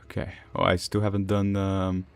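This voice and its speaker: A man speaking English with an Eastern European accent in a fairly low voice. He rambles through casual gameplay commentary, dropping fillers and easy chuckles as he goes. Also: completely flat delivery, normal speed, clean tone. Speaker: gaming streamer.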